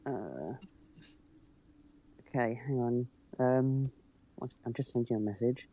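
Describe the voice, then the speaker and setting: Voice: medium pitch, unhurried, dark tone, a little hiss or hum. A player in a tabletop game, speaking hesitantly with many filler sounds. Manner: hesitant, lots of ums. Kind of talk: casual tabletop play.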